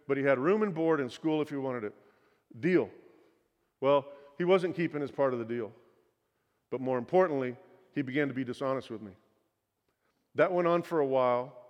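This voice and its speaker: Earnest preacher man in a reverberant hall. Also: a little high. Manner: earnest storytelling, drops to quiet confiding tones. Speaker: pastor. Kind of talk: sermon.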